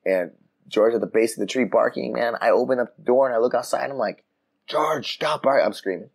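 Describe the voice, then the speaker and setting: A man on a casual podcast, telling a story with lively voices for the people in it. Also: mid-range voice, fast talker, creaky, husky. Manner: animated storytelling, acts out voices, frequent restarts. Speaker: podcast co-host. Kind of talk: casual chat. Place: room outside the usual studio.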